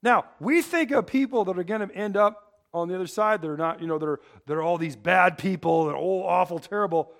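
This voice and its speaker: A man preaches a sermon with call-and-response, rambling through humorous asides and asking the congregation to fill in the words. His voice is high, brisk, gravelly and a bit bright.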